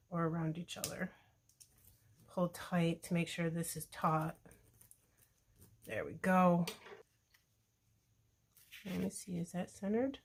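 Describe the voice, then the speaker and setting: A woman hosting a crafting video, talking casually to viewers in a relaxed, chatty way while working with her hands. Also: on the low side, slight background noise. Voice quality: relaxed, chatty, self-deprecating asides.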